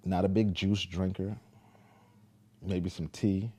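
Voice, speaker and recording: A father talking casually to the camera, telling a parenting story in a laid-back, deliberate way. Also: deep voice, little pitch movement, a little mellow, husky.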